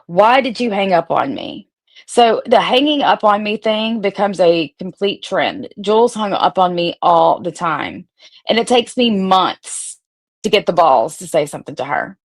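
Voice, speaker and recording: A woman's voice: on the low side, lively intonation, unhurried. A woman in her thirties, a streamer, reading out old text messages in a blunt, profane, sarcastic rant. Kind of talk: casual ranting commentary.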